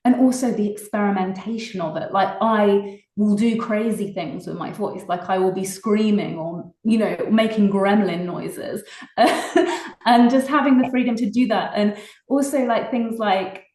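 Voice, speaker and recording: A British woman, a singer-songwriter, chatting casually in an interview, laughing often between fast bursts of talk. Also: mid-range voice, darkish tone, reverberant, low-quality recording. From Britain.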